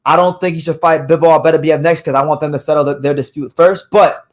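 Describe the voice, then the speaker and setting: A man with a slightly high voice, hoarse today, hosts a live boxing news stream. He talks loosely and casually, circling back on his words with lots of fillers and restarts as he runs through fight news. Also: steady tone, fast. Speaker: boxing podcast host.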